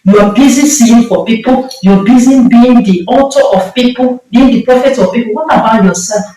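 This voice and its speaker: A woman's voice: fairly high pitch, moderate pace, dark tone. Woman, Nigerian accent, emphatic sermon, heavy room echo, far from the mic. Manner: impassioned, emphatic preaching with repeated phrases. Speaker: preacher.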